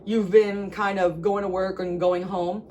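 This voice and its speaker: A woman giving a channeled tarot reading to camera. She talks emphatically, repeats her phrases and jumps high in pitch when she gets excited. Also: unhurried, a little hiss or hum. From New Jersey. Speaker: tarot reader.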